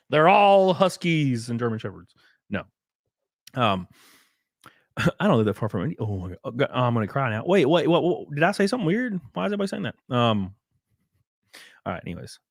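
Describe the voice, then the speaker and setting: A man's voice: mid-range voice, very animated, normal speed, gravelly, pauses often, no room sound, clean studio sound. A man hosting a casual livestream, reading viewer comments and joking around with a rambling, swearing manner. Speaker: livestream host and race car driver.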